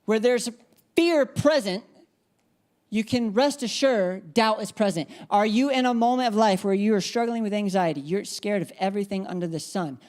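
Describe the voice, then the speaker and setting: A woman's voice: medium pitch, normal speed, a little mellow. Woman, preacher, emphatic sermon, repeats key phrases, calls for responses, mid-range voice. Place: church.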